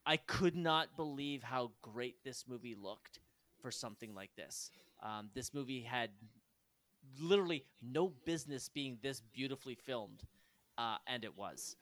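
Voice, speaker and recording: A man's voice: medium pitch, animated, a little slow, fairly bright tone, no echo. A man co-hosting a film podcast, talking with enthusiasm and swearing freely. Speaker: podcast co-host. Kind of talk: casual film review chat.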